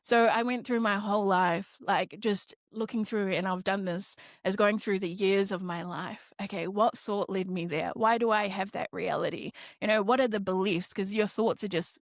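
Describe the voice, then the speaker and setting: A woman in her thirties talks candidly as a podcast guest, at a middle pitch with a gravelly fry in her voice. She is emphatic and plain-spoken, slipping into her own past thoughts and swearing casually. The sound is close and dry. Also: steady tone, normal speed, hardly any pauses, dry recording. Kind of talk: candid personal storytelling.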